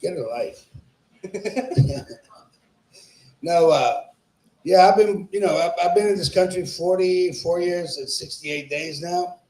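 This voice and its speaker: A man's voice: high voice, slow pace, long pauses, a little mellow. A man doing crude, profane stand-up comedy, teasing the crowd and laughing at his own jokes. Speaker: stand-up comedian at an open mic. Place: small comedy club. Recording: echoey club room.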